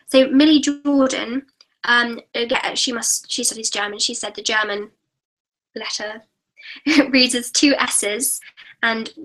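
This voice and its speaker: Bubbly high-voiced teenage girl. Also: pushed and bright, rough recording. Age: teens. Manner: chatty, apologetic, bubbly. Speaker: YouTube host. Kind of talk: live-stream Q&A, reading out viewer comments.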